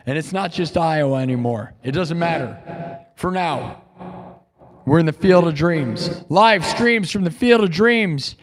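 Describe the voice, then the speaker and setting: Male live streamer, slightly high voice, boastful repetitive pep talk, loud hype then quiet musing. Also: unhurried. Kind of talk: livestream sign-off pep talk.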